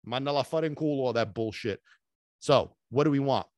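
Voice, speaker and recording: An excitable, emphatic man hosts his own dog-training podcast, mixing in Sicilian phrases and the odd curse word. His voice sits at a middle pitch and sounds close and dry, with no room echo. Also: moderate pace. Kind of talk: energetic solo podcast talk.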